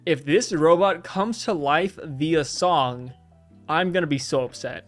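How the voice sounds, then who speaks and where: A man hosting a casual chat, talking in an animated way with laughs and quick restarts. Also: fairly high pitch, faint music behind. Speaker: show host.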